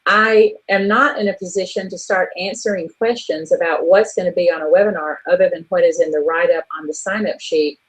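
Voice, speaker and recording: A woman's voice: fairly low pitch, low-quality recording. A woman co-hosting an online business show, frankly telling a story about a difficult contact in a chatty, exasperated way. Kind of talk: casual monologue telling a story.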